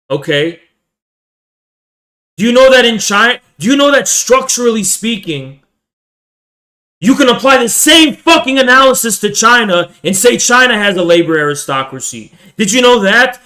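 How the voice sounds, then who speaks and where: High, sharp-voiced young man ranting. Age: 20s. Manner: profane, hectoring, repeats himself. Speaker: streamer. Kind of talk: angry livestream rant.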